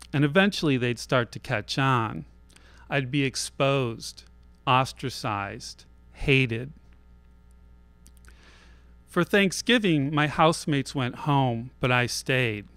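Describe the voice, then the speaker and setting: A man telling a personal story live on a theater stage, in a wry, self-deprecating and deliberate way. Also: mid-range voice, a bit bright, clear, resonant tone, no room sound.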